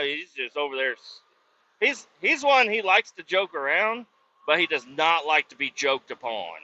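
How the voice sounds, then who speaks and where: Sounding a little high and very animated, a man talks at normal speed in a pushed, bright voice over dull audio. He is a podcast host and industrial cleaning worker, swearing constantly as he rambles through a work story with self-doubting asides.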